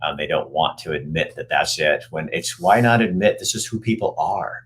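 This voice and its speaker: A man's voice: rumbling low, moderate pace, fairly bright tone, slight background noise, rough recording. An older man hosting a casual chat, jokey and rambling, with frequent restarts. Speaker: host.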